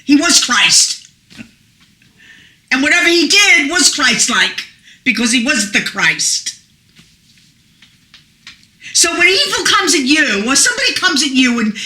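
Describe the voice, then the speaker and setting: Fervent woman preacher, high lively voice. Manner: fervent, emphatic, rising to shouts. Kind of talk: sermon. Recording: echoey room.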